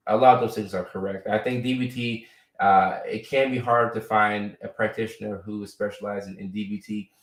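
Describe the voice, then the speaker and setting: An American man hosts a live stream in a loose, chatty style, often ending his points with "right?" and scattering fillers throughout. His voice sits on the low side, with a level tone and a brisk pace. He's recorded far from the mic in an echoey room, a little off-axis.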